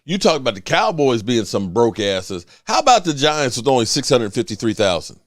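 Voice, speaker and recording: A man hosting a sports podcast in casual talk, emphatic and animated, often restarting his sentences. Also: mid-range voice, brisk, no echo.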